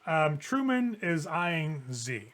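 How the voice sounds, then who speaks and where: Man running a tabletop game, higher-pitched. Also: very animated, slow pace, a bit bright. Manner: loose, profane, laughing narration. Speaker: game master.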